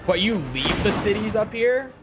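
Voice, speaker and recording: A man's voice: sits high, lively intonation, normal speed, over music. A young man from Minnesota, streaming a game from his room and chatting with viewers in a rambling, profane, joking way. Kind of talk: casual chat with viewers while gaming.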